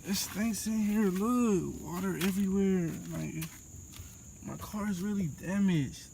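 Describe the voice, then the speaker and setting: Young male vlogger, high-pitched and unhurried, fed-up and repetitive, phone-recorded outdoors with faint insect noise. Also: gravelly, warm tone. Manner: exasperated, repeating himself. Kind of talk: dramatic vlog walkthrough.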